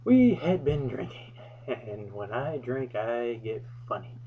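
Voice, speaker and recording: A man's voice: mid-range voice, expressive, slow pace, mellow, breathy edge. Young guy vlogging a story, wry and self-deprecating, kinda muffled lo-fi sound. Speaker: vlog host. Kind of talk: casual storytelling.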